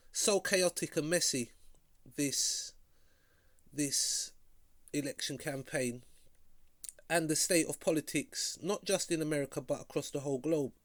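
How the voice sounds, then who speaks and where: A man hosting a video reaction, talking critically in a halting way and often repeating words. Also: on the high side, no echo. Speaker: vlog host reacting to a clip. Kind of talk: casual reaction commentary.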